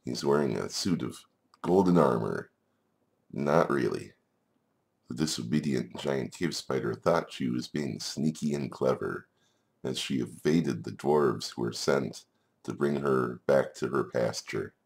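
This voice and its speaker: A man's voice: a bass voice, measured pace, darkish tone. A man narrating a game like a storybook, playful, with chuckling asides. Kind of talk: storybook narration over gameplay.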